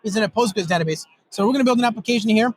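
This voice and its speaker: A man guest giving a casual technical demo, excitable and rambling with lots of fillers. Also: high voice, rapid-fire, a little hiss or hum, rough recording. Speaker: guest developer demonstrating software. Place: recorded in Europe.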